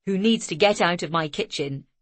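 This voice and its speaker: A woman voicing a shy, fussy bookish man in an audiobook, speaking slowly and softly. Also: lowish voice, no echo, natural voice. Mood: mock-tormented.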